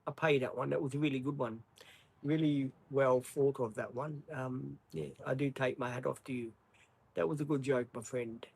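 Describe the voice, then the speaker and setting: A man's voice: mid-range voice, fairly even intonation, normal speed, creaky, darkish tone, husky, poor audio. An Australian man hosting a livestream, chatting casually, apologetic and rambling with many ums. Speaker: livestream host. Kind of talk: casual live-stream chat.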